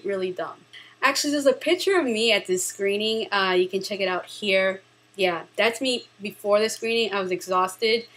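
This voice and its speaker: A woman's voice: medium pitch, low-quality recording. A woman hosting a casual movie review vlog, talking in a chatty, rambling, sarcastic way.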